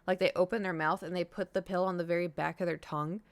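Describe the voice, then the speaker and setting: A woman's voice: fairly low pitch, fairly even intonation, fast, no room sound. A young woman streaming, telling a long story in casual chat, acting out what people said and swearing now and then. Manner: rambling storytelling, acts out quoted dialogue, swears.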